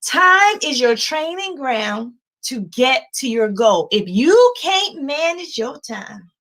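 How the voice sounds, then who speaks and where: Her voice sits high on this low-quality recording. In her forties, she gives an animated, emphatic life-coaching talk over livestream, often laughing and chanting words again and again.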